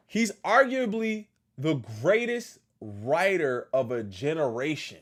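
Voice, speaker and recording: Male streamer, higher-pitched, exasperated reaction commentary. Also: big pitch swings, takes it slowly, hardly any pauses. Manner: exasperated, questioning, repeats himself. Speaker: host reacting to a video.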